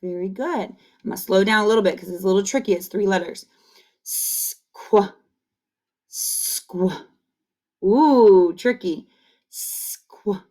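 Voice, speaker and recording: A woman teaching kindergarten phonics on video, drilling sounds slowly and cheering the children on. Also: mid-range voice, a little mellow. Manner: slow, encouraging call-and-repeat drilling. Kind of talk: online phonics lesson. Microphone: camera facing the speaker.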